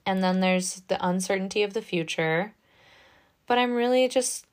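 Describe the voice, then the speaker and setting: A woman giving a casual spoken tarot reading in a gentle, reassuring, chatty way, often tagging her lines with "right?". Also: mid-range voice. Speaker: tarot reader.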